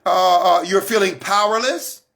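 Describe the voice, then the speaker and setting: A man's voice: high voice, a little slow, vocal fry, a bit bright. A man giving a Christian teaching talk, emphatic and repetitive, coaching his listeners directly. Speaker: broadcast minister.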